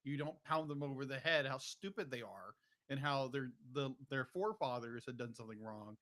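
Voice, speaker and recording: A man's voice: medium pitch, moderate pace, fairly bright tone. A man hosting a casual film discussion podcast, rambling and restarting his sentences. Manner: rambling, restarts often, keeps saying "be like". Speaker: podcast host.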